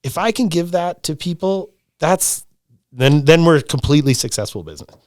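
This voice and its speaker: Animated middle-aged man, dry close sound. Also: a little high, normal speed, no room sound. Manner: animated, rambling, swearing, repeating himself. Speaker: lodge owner, podcast guest. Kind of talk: casual podcast conversation.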